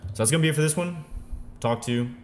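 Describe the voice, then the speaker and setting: A man's voice: on the high side, quick pace, a little hiss or hum. A male day trader giving a fired-up, profane motivational rant straight to his viewers, full of rhetorical questions. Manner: intense, profane, emphatic, preachy.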